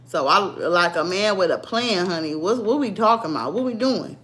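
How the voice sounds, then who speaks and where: A woman's voice: lowish voice, expressive, normal speed, hardly any pauses, a bit bright. A young woman, talking bluntly and sassily to her livestream viewers in a casual chat. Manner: blunt, sassy, talks straight to viewers. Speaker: livestream vlogger.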